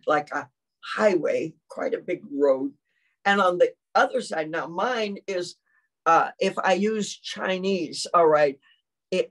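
An older woman, preaching a sermon and telling a personal story with lots of acted-out quotes. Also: fairly low pitch.

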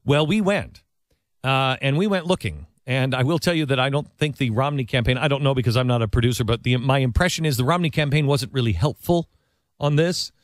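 A man's voice: mid-range voice, no echo, clean studio sound. Earnest man telling a story. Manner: conversational, with frequent restarts and quick asides. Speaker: talk show host. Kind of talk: storytelling monologue.

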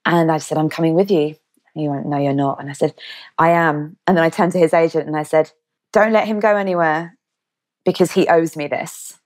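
A woman's voice: deep voice, steady tone, fairly quick, darkish tone. A woman in her thirties with an English accent, a podcast guest vividly retelling a personal story and acting out the quotes. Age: 30s. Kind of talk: conversational storytelling.

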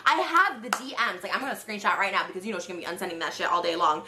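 A woman in her thirties venting in an exasperated, animated rant. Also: mid-range voice, rapid-fire, few pauses, roomy sound, crowd noise. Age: 30s. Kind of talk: emotional rant.

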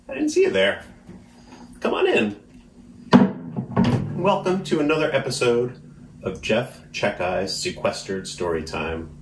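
A man's voice: medium pitch, slight background noise. A man hosting a children's storytime, reading his own book aloud in a playful, self-deprecating way. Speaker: children's author and host.

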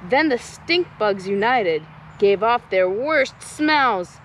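A young adult woman, a nature educator, reading a rhyming picture book aloud to children at a slow pace. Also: a little high, expressive, fairly bright tone, slight background noise, rough recording.

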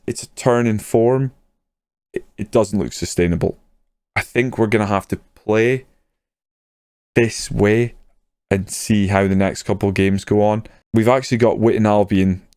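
Lad talking over his footie manager game, smooth low-ish voice, dead dry sound. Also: a little slow, no room sound. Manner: excitable, swears when a goal goes in. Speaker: gaming YouTuber. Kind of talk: casual game commentary.

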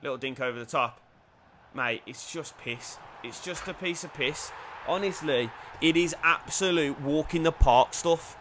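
A young man commentating his own football video game, muttering play-by-play then bursting into loud shouts and cheeky banter. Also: a little high, a little slow, background noise. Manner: swings from quiet mutters to shouting, swears, banters. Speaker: gaming YouTuber.

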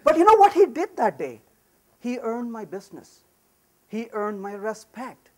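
A man giving a lively conference talk on programming, emphatic and full of anecdotes. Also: extremely high pitch, measured pace. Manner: animated, emphatic, storytelling. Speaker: conference speaker. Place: conference session room.

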